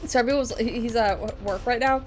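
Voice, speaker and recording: A woman's voice: on the high side, fairly quick. A woman streamer chatting casually, rambling with lots of laughter and swearing. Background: metal music.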